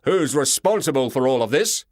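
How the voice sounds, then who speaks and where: A man's voice: mid-range voice, lively intonation, normal speed, voice pushed down, lightly acted. A man voicing a stern adult male policeman.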